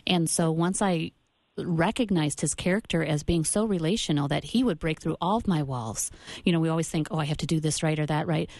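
Low-voiced woman sharing earnest faith testimony. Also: a little fast, darkish tone, no echo. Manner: earnest testimony, loose restarts. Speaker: guest. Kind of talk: Christian talk show conversation.

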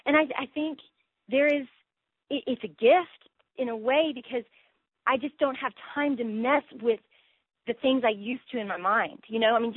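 A woman, a Bible teacher guest, talking earnestly in a casual faith interview, with many halting restarts. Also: a little high, husky, no echo. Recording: tinny phone line.

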